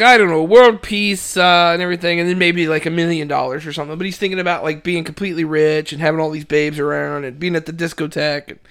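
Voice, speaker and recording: Rambling male storyteller, bright and high. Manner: rambling storyteller, many fillers. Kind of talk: casual chat.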